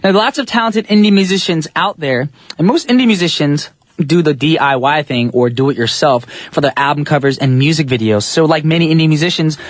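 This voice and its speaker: A man's voice: on the high side, no echo. A man hosting a music radio show from a studio, chatty and upbeat, talking straight to listeners. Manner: chatty, upbeat, addresses listeners as you guys and y'all. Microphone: studio microphone.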